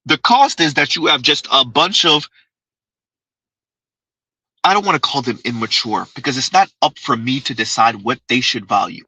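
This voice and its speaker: A man talks straight to his audience in casual commentary, emphatic and repetitive, hammering his points home. His voice is bright and forceful, recorded close and dry, with no room sound around it. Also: mid-range voice, normal speed, long pauses, husky, no room sound, poor audio. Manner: emphatic, conversational, repeats key phrases. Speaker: commentary channel host. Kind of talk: casual commentary reacting to clips.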